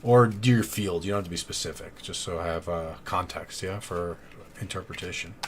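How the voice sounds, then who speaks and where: A man's voice: deep voice, steady tone, brisk, slight background noise. Rambling, chatty male tarot streamer. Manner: chatty, rambling, shouts out viewers. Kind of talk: casual live-stream chat. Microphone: studio condenser mic.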